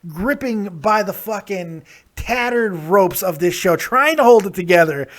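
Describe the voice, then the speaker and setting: A man hosting a live call-in wrestling review show, excitable, laughing often and swearing freely. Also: high voice, a little slow. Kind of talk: casual wrestling talk.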